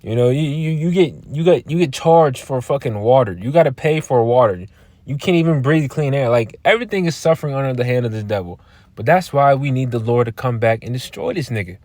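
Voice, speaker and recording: A man giving informal scripture teaching in a blunt, halting way. He repeats words and keeps asking "all right?". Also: medium pitch, darkish tone, no echo. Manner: blunt, profane. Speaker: religious teacher.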